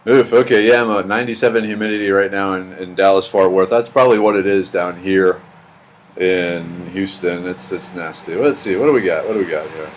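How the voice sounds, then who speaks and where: A middle-aged man hosts a livestream, casually chatting and answering viewer comments in a rambling way, repeating words. His voice is low and fairly quick, with a little hiss or hum on the audio.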